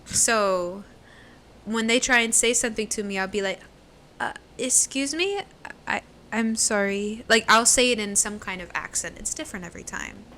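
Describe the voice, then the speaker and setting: A woman's voice: mid-range voice, a little fast, pushed and bright. A young woman co-hosting a podcast, telling a story in casual chat with dry asides. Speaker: podcast co-host.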